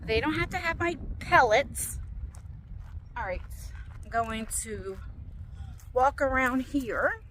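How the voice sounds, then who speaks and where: Woman, 40s, casual walking vlog; rambling storyteller, sharp bright tone, faint outdoor hiss. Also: high-pitched, slow, pauses often, low-quality recording. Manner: chatty and rambling, animated when telling stories. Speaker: vlogger. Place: outdoors at a lake park.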